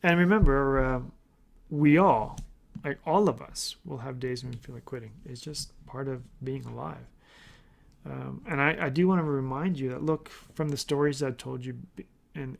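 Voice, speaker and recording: A middle-aged man talks earnestly on his podcast, rambling a little and restarting his sentences. His voice has a gravelly edge and sits at an ordinary pitch. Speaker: podcast host. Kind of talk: casual motivational podcast talk.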